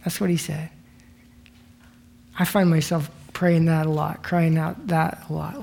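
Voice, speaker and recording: A pastor teaching an informal Bible study in a church, talking in a halting, conversational way with frequent restarts, and reading scripture aloud before paraphrasing it in plain words. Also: medium pitch, steady tone, creaky, a little mellow.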